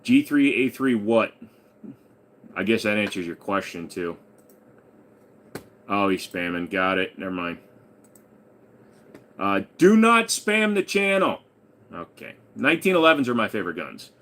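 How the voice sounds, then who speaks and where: A man's voice: low-pitched, animated, moderate pace, pauses often, a bit bright, a little hiss or hum. A man hosting a casual live stream, reading viewer questions aloud and answering offhand from his room at home. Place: home room with a gun wall.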